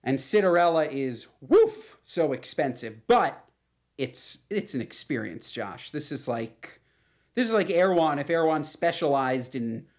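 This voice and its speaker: Woman, 30s, co-host, playful and rambling, very lively pitch. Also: normal speed. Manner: animated, rambling, playful teasing. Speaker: podcast co-host. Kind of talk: casual chat.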